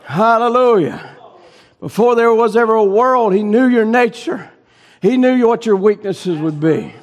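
High-pitched shouting preacher. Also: male voice, a little slow. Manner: shouting preaching cadence that drops low and soft. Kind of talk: sermon.

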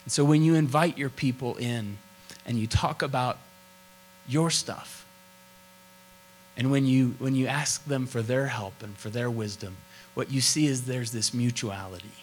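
A man's voice: mid-range voice, a little slow, a little hiss or hum, rough recording. A middle-aged man from Oklahoma preaching a sermon as pastor, with an emphatic, repetitive cadence.

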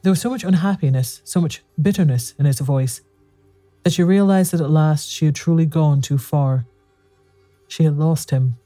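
A narrator reading a classic ghost story in a measured storytelling manner. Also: medium pitch, warm tone.

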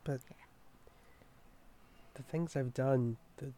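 A man playing his character in a tabletop game, speaking haltingly with many pauses. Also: a little high, gravelly, dark tone. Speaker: player voicing Eric. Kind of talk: in-character tabletop role-play.

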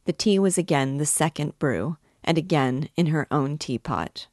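Low-voiced woman reading a novel aloud. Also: animated, normal speed, a little mellow, dry recording, studio quality. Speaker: literature teacher reading aloud.

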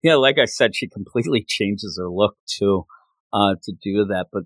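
Speaking at normal speed in a voice on the low side, with no room sound, a man casually reviews a comic issue. He retells scenes with lively acted-out quotes, often stumbling into fillers and restarting.

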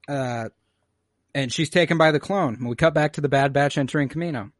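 A man recapping an episode in loose, profane chat, jumping into quick put-on voices for each character. His voice is dry and close, with no room sound. He talks at an even, middling pitch. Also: no echo. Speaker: podcast co-host recapping an episode.

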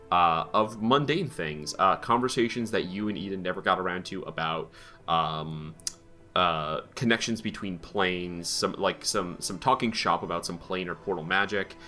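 A man narrating as game master of a tabletop game, relaxed and rambling, with many fillers. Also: low-pitched.

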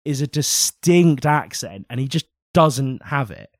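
Animated British man on a podcast. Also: medium pitch, unhurried, no echo, clean studio sound. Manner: animated, opinionated, sweary. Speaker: podcast co-host. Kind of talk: casual podcast chat.

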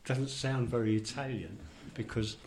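An older man speaks with a broad London accent, chatty and full of wry jokes. He wanders through long anecdotes in a relaxed, conversational way, at an even, middling pitch. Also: normal speed. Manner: chatty, joking, rambling anecdotes. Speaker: discussion participant. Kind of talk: casual group conversation.

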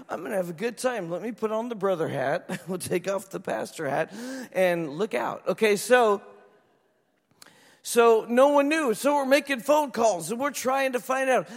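A man preaching a sermon as pastor, telling stories in an animated way and acting out voices. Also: high-pitched. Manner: animated storytelling, acts out voices. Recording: reverberant hall.

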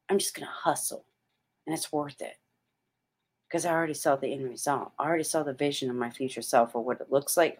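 A woman's voice: deep voice, animated, a little fast. A middle-aged woman hosting a motivational vlog, speaking emphatically and repeating her points like a pep talk. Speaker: motivational host.

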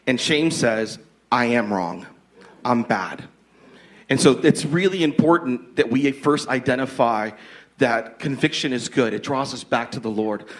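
A man talking earnestly as a guest in a faith-based conversation, building to preacher-like emphasis on his points. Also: mid-range voice. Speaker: guest, husband.

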